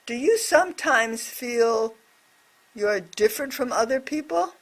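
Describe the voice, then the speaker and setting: A woman voicing a deaf presenter's signed reflection on a scripture story, speaking in short, measured phrases. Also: on the high side, lively intonation.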